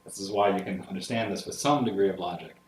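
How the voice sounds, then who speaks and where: Heavy background noise surrounds a man teaching music theory in a classroom; his voice sits low and his pace is quick. He explains passages step by step with solfege syllables, checking enthusiastically with his listeners, energetic about the music. The room echoes, and clear piano playing is heard in the background.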